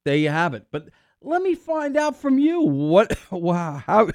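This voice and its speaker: A man's voice: high-pitched, sing-song, measured pace, no echo, studio quality. Rambling middle-aged male radio host. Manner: rambling, filler-heavy, restarts often; coughs and clears throat now and then. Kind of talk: call-in radio talk. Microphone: studio microphone.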